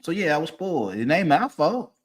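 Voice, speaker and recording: A man, ranting casually and profanely, swinging from low mutters to loud, emphatic bursts. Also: very animated, brisk, breathy edge. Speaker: streamer giving opinions.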